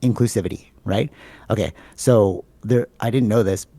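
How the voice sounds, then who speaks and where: Gravelly low-voiced man, rambling podcast chat. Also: moderate pace, dark tone, no echo. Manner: rambling, filler-heavy, says "like" and "bro" a lot. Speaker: podcast co-host.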